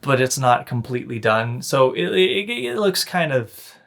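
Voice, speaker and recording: A man's voice: medium pitch, big pitch swings, unhurried, vocal fry. A young man co-hosting a casual movie review chat, joking and briefly mocking characters in silly voices. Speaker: podcast co-host.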